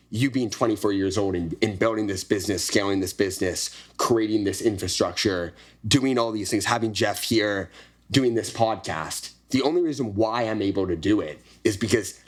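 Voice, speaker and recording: A young man hosting a podcast, telling a personal story in a casual, animated way and acting out the dialogue with frequent swearing. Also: fairly low pitch. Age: young adult. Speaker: podcast host. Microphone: podcast studio microphone.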